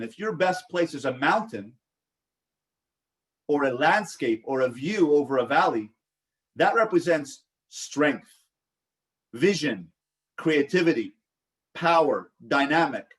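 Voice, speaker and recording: A man's voice: fairly high pitch, distant mic. A man leading a support group, who coaches, asks the group questions and acts out sample replies. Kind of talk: teaching a live online group session.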